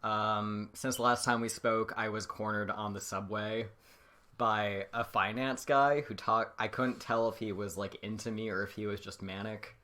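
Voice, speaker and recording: A young woman with an unusually deep, low-pitched voice co-hosts a podcast in casual conversation. She comes from rural Pennsylvania and tells her stories in a loose, rambling manner. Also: fairly even intonation, moderate pace, fairly bright tone. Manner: chatty, rambling storytelling. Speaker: podcast co-host. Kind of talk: casual chat.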